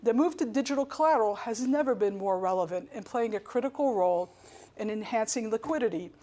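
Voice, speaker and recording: Woman, conference speaker, formal, measured, somewhat high voice. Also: expressive, dark tone. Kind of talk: formal prepared speech.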